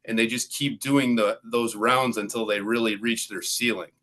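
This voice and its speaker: A man's voice: mid-range voice, steady tone, moderate pace, a bit bright. A middle-aged man, a golf coach and guest, explaining in an easygoing way and often adding "you know" and "right". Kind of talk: casual interview talk.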